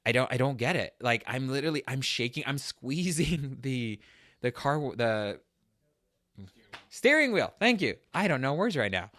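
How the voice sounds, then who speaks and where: A man's voice: mid-range voice, big pitch swings, moderate pace, no echo. A man hosting a fitness talk show, speaking earnestly and personally, getting worked up as he tells his own story. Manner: earnest and emotional, gets loud and worked up retelling a struggle. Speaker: fitness podcast host.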